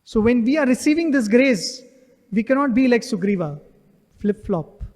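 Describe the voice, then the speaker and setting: Devotional speaker, male, high voice, earnest storyteller, recorded in a reverberant hall. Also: lively intonation, moderate pace, a little mellow. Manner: earnest storytelling, frequent rhetorical "right?". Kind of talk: devotional talk. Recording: echoey hall with long reverb.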